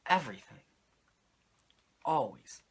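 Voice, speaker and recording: A man's voice: medium pitch, sing-song, takes it slowly, breathy edge. Rambling, foul-mouthed man recapping wrestling. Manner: rambling, crude, jokey. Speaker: podcast host reviewing wrestling. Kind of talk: casual profane recap.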